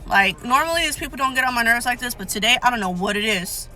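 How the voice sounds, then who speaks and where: Exasperated bright-voiced young woman ranting. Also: on the high side, animated, fast, soft background music, rough recording. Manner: exasperated, sarcastic, swears freely. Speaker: storyteller vlogger. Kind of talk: casual storytime rant.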